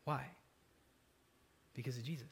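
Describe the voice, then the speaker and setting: A man preaching a sermon as pastor, conversational and dynamic, swinging between loud emphatic lines and soft, low ones. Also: fairly even intonation, measured pace, creaky, husky. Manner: conversational with fillers and asides.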